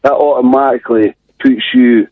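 A Scottish man rings in to a radio show and tells a story in a chatty, rambling way, full of wee's and aye's. His voice is husky, and it comes through a thin, tinny phone line with a dry sound. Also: mid-range voice, fairly even intonation, moderate pace, dry recording. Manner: chatty storyteller, uses "wee" and "aye". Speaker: caller. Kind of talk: phone-in chat.

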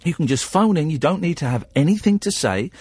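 Rambling English radio host, dry studio sound. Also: male voice, on the high side, expressive, fairly quick, a little mellow, slightly rough, no echo. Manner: rambling, stammering restarts, teasing. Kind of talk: late-night phone-in radio chat. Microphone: studio microphone.

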